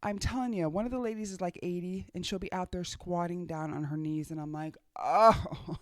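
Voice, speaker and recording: A woman's voice: on the low side, fairly even intonation, a little fast, warm tone, no echo. A woman in her forties hosting a reaction video, talking casually and animatedly, exclaiming and joking as she comments.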